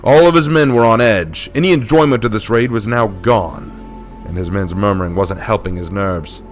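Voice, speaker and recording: A man reads a dark war story with steady, dramatic delivery. His voice sits a little low. Faint music plays beneath him. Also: moderate pace. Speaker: narrator. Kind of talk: scripted dark fiction narration.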